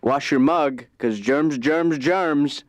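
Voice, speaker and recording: An actor playing a cocky grown son who teases and rambles over others. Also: male voice, on the high side, takes it slowly, faint music behind. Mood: teasing.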